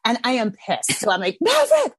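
Animated middle-aged woman telling stories. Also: a little high, brisk, no room sound. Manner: animated storyteller, swears casually. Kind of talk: casual chat.

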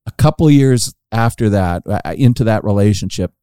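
Low, mellow man telling stories. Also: moderate pace, clear, resonant tone, dry recording, studio quality. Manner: animated storytelling, acting out quoted lines with rising pitch. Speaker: podcast guest storyteller. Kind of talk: casual anecdote telling.

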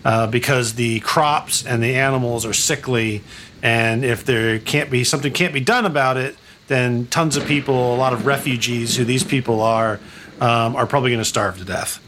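A man's voice: medium pitch, normal speed, a bit bright, a little hiss or hum. A man narrating a tabletop game as game master, rambling through scenes with many fillers and restarts.

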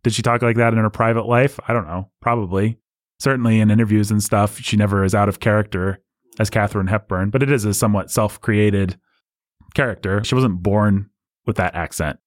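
A man with a low voice talks through film history in a relaxed, rambling way. He restarts his sentences often. The sound is dry and close. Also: fairly quick, dry recording. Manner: talkative, explanatory, many restarts. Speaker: podcast host. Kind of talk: casual film discussion.

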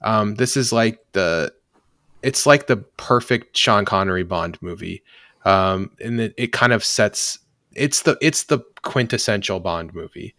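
A man's voice: lowish voice, expressive, measured pace, bright, forceful tone, no echo, clean studio sound. A man co-hosting a podcast, talking casually and rambling with lots of restarts and fillers. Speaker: podcast co-host. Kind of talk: casual chat.

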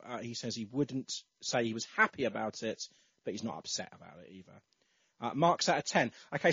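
This man's voice is medium-pitched and slightly rough, with no room sound. As host of a casual football podcast, he reads out listener entries with plenty of ums and uhs. The audio is lo-fi and slightly dull.

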